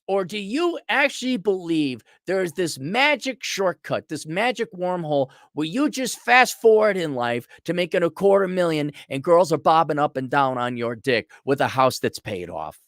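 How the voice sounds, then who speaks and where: A man's voice: sits high, fairly bright tone, no echo, clean studio sound. Profane, exasperated middle-aged man ranting. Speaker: consultant and vlogger. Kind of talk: profane angry rant to camera.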